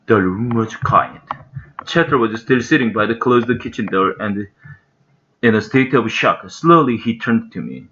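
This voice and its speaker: A man's voice: on the low side, expressive, measured pace, a bit bright, dull audio. A man with a Korean accent reading a children's storybook aloud, careful, with small slips and restarts. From South Korea. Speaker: English learner reading aloud.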